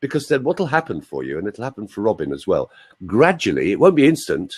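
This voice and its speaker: A man's voice: on the low side, huge pitch swings, a little fast, a little mellow, breathy edge. A male voice coach explaining techniques on an online call, with joking asides. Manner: explanatory, demonstrates sounds, jokey asides. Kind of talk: teaching on a group call.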